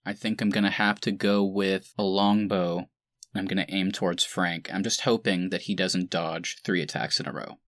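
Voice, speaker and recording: A man playing a tabletop game character, upbeat and quick to react. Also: low-pitched, steady tone, fairly bright tone, no echo, clean studio sound. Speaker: player.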